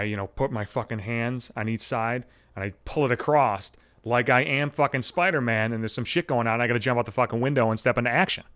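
A man in his thirties hosting a solo podcast, ranting with constant swearing in an animated, irritated way. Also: mid-range voice, no echo, studio quality. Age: 30s. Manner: foul-mouthed, animated ranting. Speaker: podcast host. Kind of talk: profane solo podcast rant.

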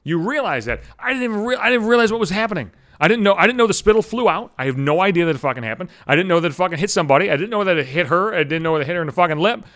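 Brief: male podcast host, swearing and exasperated, lively swings in a higher-than-usual voice. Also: racing, few pauses. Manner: profane, exasperated, self-mocking, animated storytelling. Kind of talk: solo comedic rant.

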